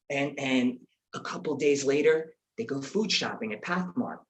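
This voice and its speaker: A man's voice: mid-range voice, measured pace. A man, from the Bronx, telling a comic personal story to an audience and acting out his own inner voice.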